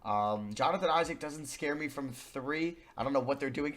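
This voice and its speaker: A young man commentating his own basketball video game, muttering plans and then shouting at the plays. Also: medium pitch, normal speed. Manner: excitable, swings from muttering to yelling. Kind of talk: gaming commentary.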